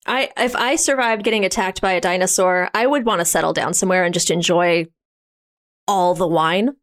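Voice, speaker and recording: A woman's voice: fairly low pitch, moderate pace. A woman guest, a horror writer, chatting playfully and laughing often. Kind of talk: casual chat.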